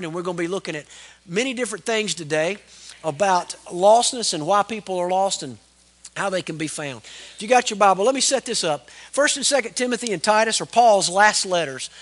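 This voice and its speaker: A man's voice: sits high, expressive, fairly quick, a bit bright. A middle-aged man preaching a sermon as pastor, fervent and calling out for amens. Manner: fervent preaching with call-and-response "Amen?".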